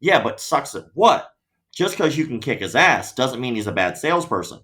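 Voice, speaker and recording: A man's voice: mid-range voice, normal speed. A man, a podcast guest chatting casually and acting out people in his stories. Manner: animated storyteller, acts out quoted voices. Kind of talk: casual interview chat.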